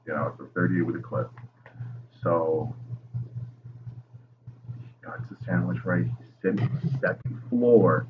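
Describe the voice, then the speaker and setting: A young man hosting a podcast, telling history in a casual, rambling, profane and jokey way. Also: low voice. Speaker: podcast host. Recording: tinny phone-like line with noise.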